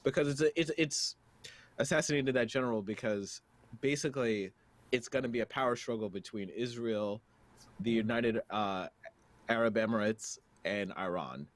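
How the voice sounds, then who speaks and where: A man co-hosting a casual news podcast, reading stories aloud with halting fillers. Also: mid-range voice, no echo. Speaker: podcast co-host.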